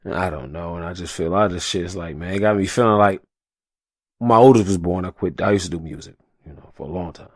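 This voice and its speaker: Male podcast host, young adult, deep voice, heated profane solo rant, dry close mic. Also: fast, no echo.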